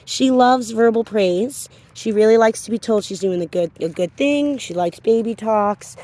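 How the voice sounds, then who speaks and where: Woman, dog trainer, outdoor walk-and-talk lesson; steady explainer, mid pitch. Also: moderate pace. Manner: explains calmly, breaks into high sing-song praise for the dog. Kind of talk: instructional walkthrough while training. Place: outdoors on a street, walking a dog.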